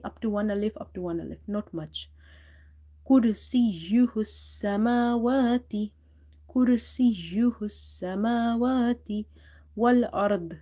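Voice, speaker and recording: Female tajweed teacher, patient and explanatory, mellow voice, slow drawn-out recitation. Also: mid-range voice.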